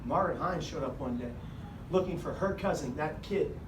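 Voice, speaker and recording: A man with a high voice tells a funny personal story to a live crowd, acting out the people in it with big swings in loudness. The sound is roomy and echoey, with the mic set some way off and a clear hum of background noise underneath. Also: moderate pace, recorded from a distance. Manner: animated comic storyteller, shouts voices of others. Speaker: speaker. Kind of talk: storytelling talk to an audience.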